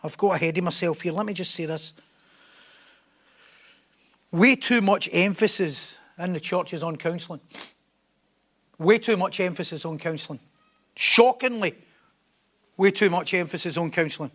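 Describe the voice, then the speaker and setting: A man with a notably high voice delivers a sermon. He speaks with emphasis and drives his points home by repeating phrases. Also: moderate pace, pauses often, a bit bright. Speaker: preacher.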